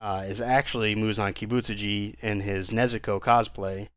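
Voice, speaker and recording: A man's voice: lowish voice, normal speed, no echo, studio quality. A man co-hosting a casual anime podcast, retelling the plot in a laid-back way. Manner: laid-back, relaxed retelling of plot with fillers and mild swearing. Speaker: podcast co-host. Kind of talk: casual anime recap chat.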